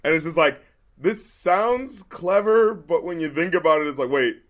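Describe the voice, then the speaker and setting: A man hosting a casual podcast about rap albums, talking in an animated way, swearing and acting out lyrics in quick little voices. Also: fairly high pitch. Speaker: podcast host and rap critic.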